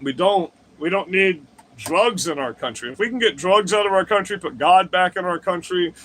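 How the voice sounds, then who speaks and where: A man's voice: sits high, expressive, normal speed, a bit bright, slight background noise. A man hosting a livestream, ranting crudely and combatively to his chat, swearing often and wandering off on digressions. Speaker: livestream host. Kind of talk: profane political rant to live chat.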